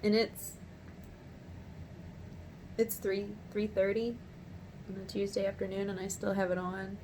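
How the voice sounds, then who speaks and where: A woman in her thirties telling a story to camera in a chatty, animated way from her home office, laughing often. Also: medium pitch, unhurried, background noise. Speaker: vlogger.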